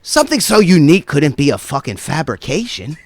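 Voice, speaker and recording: A man's voice: a little high, big pitch swings, a little fast. A man performing a stand-up routine as a guest comedian, rambling through a profane story and tossing in constant "right?" asides.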